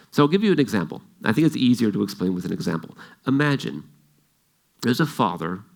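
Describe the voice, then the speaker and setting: A man's voice: on the low side, creaky. A man giving an explanatory talk, telling an example story and acting out its dialogue. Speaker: speaker.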